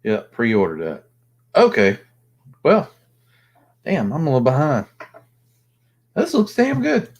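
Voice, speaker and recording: A man's voice: mid-range voice, wildly swooping pitch, takes it slowly, long pauses, a little mellow. A man hosting a casual live chat, rambling and thinking aloud with plenty of fillers. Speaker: host.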